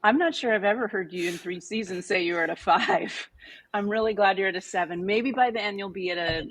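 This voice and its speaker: A woman's voice: mid-range voice, brisk. A woman hosting a leadership podcast over a call, upbeat and asking the questions. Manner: upbeat, asks questions, talks through fillers. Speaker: guest host. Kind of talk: casual podcast conversation.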